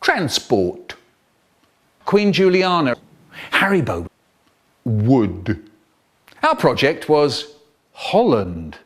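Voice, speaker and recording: A man telling a school story to children in an animated, theatrical way. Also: drawn-out words, long pauses, husky. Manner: animated, theatrical storytelling with sudden jumps in pitch. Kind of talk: storytelling for children, cut up in a remix.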